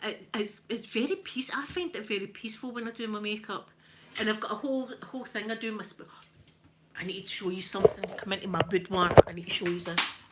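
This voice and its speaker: A Scottish woman hosts a live stream, chatting casually with her viewers while poking fun at herself and laughing a lot. Her voice sits in the mid-range and she talks fast, with background noise audible.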